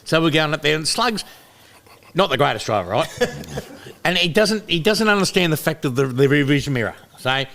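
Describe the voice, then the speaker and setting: Telling meandering stories on a podcast he co-hosts, this Australian man swears freely and impersonates the people involved. His slightly high voice is gravelly and fairly bright, with big pitch swings at normal speed.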